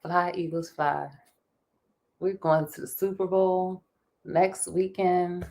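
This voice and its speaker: A woman co-hosting a casual podcast chat, animated, laughing often and restarting her words. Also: lowish voice, slow, vocal fry. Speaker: podcast co-host.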